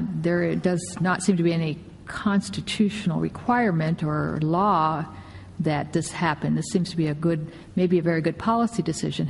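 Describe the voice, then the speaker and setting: A woman's voice: on the low side, creaky, a little mellow. A woman judge pointedly and skeptically questioning an attorney in court. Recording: reverberant courtroom with faint room noise.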